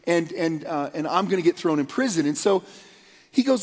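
A man's voice: sits high, a little fast, a little mellow. A man giving a conversational, earnest sermon as a pastor, with frequent fillers and restarts. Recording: long hall reverb.

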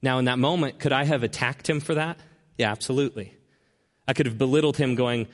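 A man preaching a sermon as a personal story, earnest and slowing down to stress key words. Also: mid-range voice, steady tone. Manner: earnest storyteller who slows down for emphasis. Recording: long reverb of a large hall.

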